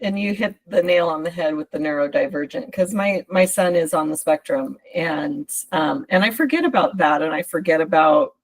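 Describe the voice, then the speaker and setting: A woman's voice: deep voice, lively intonation, moderate pace, hardly any pauses, dry recording, rough recording. A woman hosting a podcast who speaks in a reflective way, thinking aloud in casual conversation. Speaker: podcast host and coach.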